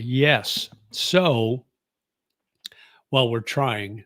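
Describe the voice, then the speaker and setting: A man's voice: medium pitch, unhurried, no room sound. Easygoing man in his sixties, dry sound. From United States. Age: 60s. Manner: rambling and easygoing, with many fillers and restarts. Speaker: vlogger answering viewer comments. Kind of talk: casual chat.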